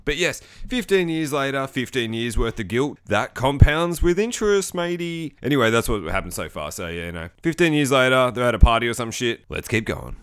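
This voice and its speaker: A man's voice: medium pitch, animated, fairly quick, few pauses, fairly bright tone, smooth. Sweary guy hosting a podcast. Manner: profane, sarcastic, rambling. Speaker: podcast host. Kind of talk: casual solo movie commentary.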